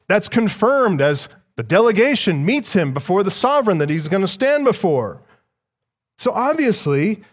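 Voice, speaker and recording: Higher-voiced man preaching a sermon. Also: long reverb tail. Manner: teaching, asks the listeners questions. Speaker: pastor. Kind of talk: expository sermon.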